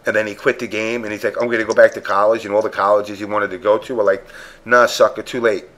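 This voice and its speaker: A man's voice: fairly low pitch, flat delivery, fast talker, fairly bright tone. A man on a podcast panel telling a story in casual chat, blunt and profane, acting out what people said. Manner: profane, blunt, acts out quotes.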